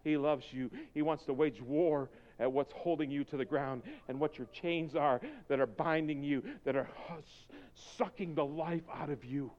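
A male preacher delivering a fervent sermon, moving from quiet, intimate talk to loud, urgent pleading. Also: on the high side, fairly even intonation, moderate pace, hardly any pauses, lo-fi sound. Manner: fervent, swings between quiet intimacy and shouting. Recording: long hall reverb.

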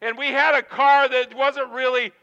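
High bright folksy preacher. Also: male voice, flat delivery, normal speed, in a large hall, muffled recording. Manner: folksy, rambling, acts out quotes. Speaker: pastor. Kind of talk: storytelling sermon.

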